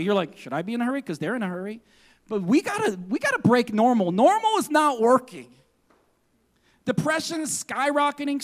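Animated high-voiced male preacher. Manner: animated, emphatic preaching with sudden shifts between loud and soft. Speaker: pastor. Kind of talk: sermon.

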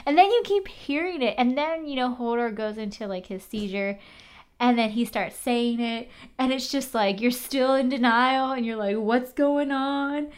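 A woman in casual recap chat, animated, swearing and using many fillers. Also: fairly high pitch, moderate pace, clear, resonant tone.

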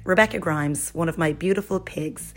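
A woman reading a personal blog aloud as first-person narration, in an even, storytelling manner. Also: on the low side, moderate pace. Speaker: guest reader voicing a friend's blog.

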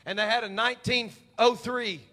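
A man's voice: very high-pitched, steady tone, normal speed, pushed and bright. A man in his forties preaching a sermon as a humorous, folksy story. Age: 40s.

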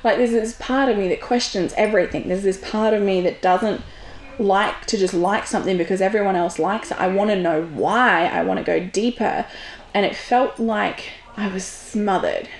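Woman, podcast host, blunt and candid with casual swearing, mid-pitched voice, echoey room. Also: normal speed. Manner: blunt, frank, swears freely. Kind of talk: candid monologue. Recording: roomy echo.

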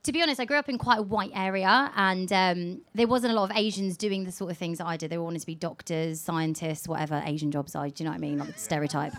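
A woman's voice: on the low side, fast, hardly any pauses. A woman from England, a radio presenter, talking candidly and with energy on a live panel, laughing often. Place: live event venue.

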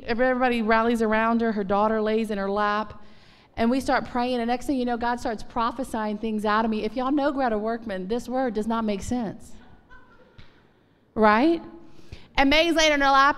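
A woman pastor giving an emphatic, animated testimony sermon in a church. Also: a little high, smooth. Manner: animated, emphatic preaching with Southern turns of phrase. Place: church sanctuary. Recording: long church reverb.

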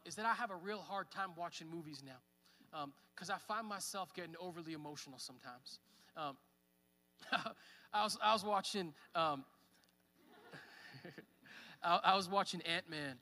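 A man's voice: high voice, bright, forceful tone, big-room sound. A man in his thirties preaching a sermon at church, conversational, with fillers. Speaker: pastor. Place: church hall.

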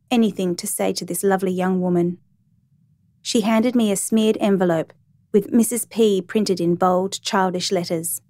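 A woman narrating a first-person story in a calm, even, reflective reading voice. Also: medium pitch, no room sound.

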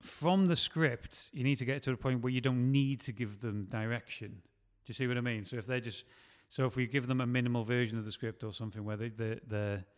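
A man's voice: medium pitch, steady tone, brisk, hardly any pauses, big-room sound. A man, a scriptwriter, talking casually and rambling with many restarts. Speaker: scriptwriter and podcast host. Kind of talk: casual chat.

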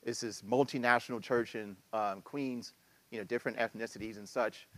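A man preaching a sermon as pastor, talking with a casual, animated style full of asides and acted-out quotes. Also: mid-range voice, moderate pace, no room sound.

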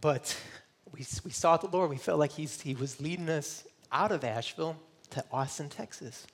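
A man's voice: a little high, moderate pace, slightly rough. A middle-aged man from Michigan preaching a sermon, earnest and personal, voicing searching questions and at times close to tears. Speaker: pastor.

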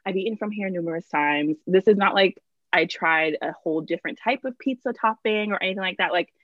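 Young woman co-host, casual rambling storyteller, lowish voice, dry dull recording. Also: a little fast, dry recording. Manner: chatty, lots of "like" and restarts, laughs through stories.

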